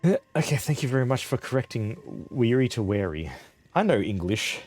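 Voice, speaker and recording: A man's voice: mid-range voice, big pitch swings, normal speed, darkish tone, husky, faint music behind. An Australian man chatting casually on a game stream, rambling, chuckling often and swearing offhandedly. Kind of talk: casual live-stream chat.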